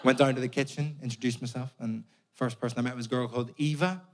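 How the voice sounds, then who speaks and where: A young man with a Belfast accent doing stand-up comedy, animated, sweary and exasperated, on a stage mic. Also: mid-range voice, fast. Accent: Northern Irish, Belfast. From Northern Ireland. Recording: live audience laughter in a venue. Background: audience laughing.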